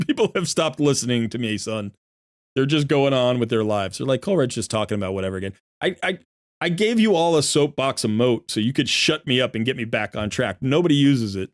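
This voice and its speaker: With a mid-range voice, lively intonation, and a moderate pace, a middle-aged man streams casually from his desk at home. The desk-microphone recording is dry and studio quality, and he wanders through topics, joking about himself and laughing often.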